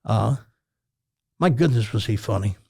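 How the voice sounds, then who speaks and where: A man's voice: lowish voice, measured pace, creaky, husky. An older man from Tennessee with a Southern accent, a former radio talk host telling folksy stories as an interview guest. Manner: folksy, animated storyteller. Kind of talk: storytelling interview.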